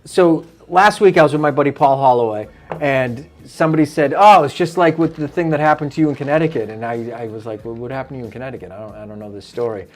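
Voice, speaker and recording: A man telling a story in casual chat, animated and profane, quoting his friends. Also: medium pitch, fast. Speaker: guest comedian.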